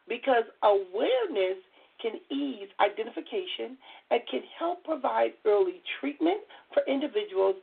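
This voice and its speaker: A middle-aged woman with a hoarse voice hosts a call-in radio show, chatty and earnest as she tries to keep her voice soft. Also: on the high side. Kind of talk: call-in talk radio monologue. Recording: tinny phone-line audio.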